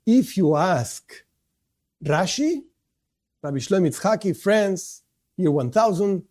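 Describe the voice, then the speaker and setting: A man leads a religious class with a fairly high, mellow voice. He keeps posing questions and answering them himself in a lively manner. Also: moderate pace. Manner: animated, asks and answers his own questions. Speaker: rabbi teaching a class. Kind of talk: religious lesson.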